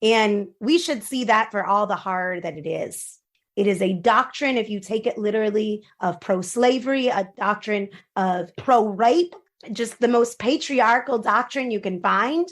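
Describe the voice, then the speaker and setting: A woman guest speaking earnestly and deliberately in a discussion. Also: medium pitch. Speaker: podcast guest.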